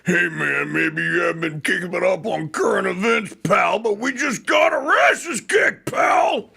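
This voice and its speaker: A man doing an impression of a panicky, brash young male space marine, jeering and shouting. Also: high voice, a little slow, vocal fry, slightly rough, voice pushed up, heavily acted.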